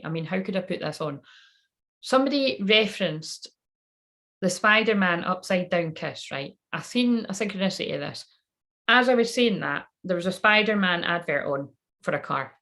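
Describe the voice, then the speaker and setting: A woman's voice: medium pitch, a bit bright. A woman who works as a spiritual channeler, rambling casually on a live stream, swearing freely and talking straight to her viewers.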